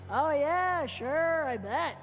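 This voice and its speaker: A woman voicing a sarcastic, wisecracking young male spriggan in an animated series. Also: sits high, slow pace, big-room sound, faint music behind.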